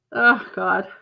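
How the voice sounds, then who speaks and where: A woman's voice: on the high side, creaky, bright, forceful tone, slightly rough. A Canadian woman, mother of grown children, giving a chatty, reassuring live tarot reading to viewers. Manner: chatty, reassuring, laughs often. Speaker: tarot reader.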